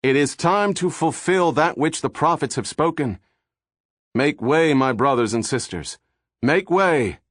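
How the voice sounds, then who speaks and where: A man's voice: a little high, animated, measured pace, fairly bright tone, dry recording, clean studio sound, pitched above the performer's own voice. Man voicing a grand, intoning cult prophet. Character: charismatic, self-styled male prophet and cult leader.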